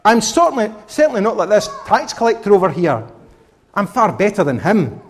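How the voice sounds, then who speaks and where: A man voicing a proud, self-righteous man from a parable who boasts loudly in prayer. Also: high voice, animated, fairly quick, a little hiss or hum. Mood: smug. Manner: smug, loud, self-praising.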